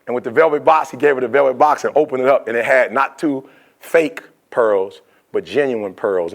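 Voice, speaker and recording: A man's voice: medium pitch, moderate pace. A man giving a motivational sermon, telling a story in a conversational, fervent preaching style.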